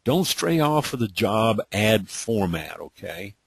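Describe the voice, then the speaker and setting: A middle-aged man with a light Texas accent, his low voice husky and breathy, leads a live online training. He drawls through his points, repeats himself and keeps checking in with "okay?" The sound is dry, with no room echo. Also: very animated, takes it slowly. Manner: repetitive, drawling, many "okay?" check-ins. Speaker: webinar host.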